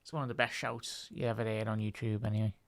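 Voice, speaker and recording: A man's voice: lowish voice, level tone, fast talker, vocal fry, dry recording. Chatty Scouse man commentating live. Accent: Liverpool (Scouse). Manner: chatty, addresses his viewers as "chat", laughs often. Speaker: football commentator and YouTube host. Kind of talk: live fan watchalong commentary.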